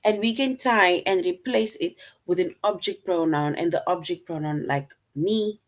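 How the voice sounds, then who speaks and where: A woman's voice: lowish voice, normal speed, rough recording. A woman teaching a recorded grammar lesson, explaining step by step, repeating her example sentences and often checking in with "right?".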